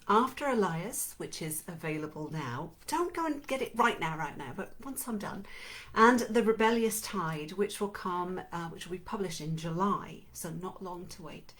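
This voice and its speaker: A middle-aged woman hosting a live book-reading show, chatting enthusiastically and gushing about the book before reading it aloud. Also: mid-range voice. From not from North America. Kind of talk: casual live-stream chat and book reading.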